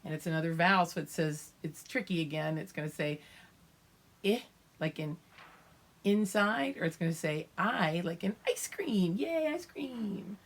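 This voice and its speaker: An older woman, a preschool teacher, teaches young children their letters remotely, patiently sounding out each letter and the sound it makes. Her voice is lowish and her pace moderate.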